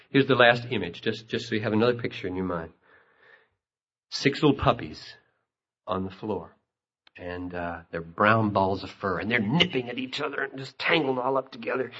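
Male preacher, husky, mid-pitched, builds to emphatic peaks; lo-fi recording. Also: a bit bright. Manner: impassioned, rising to emphatic peaks. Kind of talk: sermon. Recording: muffled lo-fi recording.

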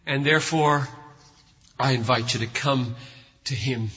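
A man's voice: mid-range voice, fairly even intonation, husky. Emphatic male pastor in an echoing hall. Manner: emphatic, builds to loud slow declarations. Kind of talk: sermon. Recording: lo-fi recording in a reverberant hall.

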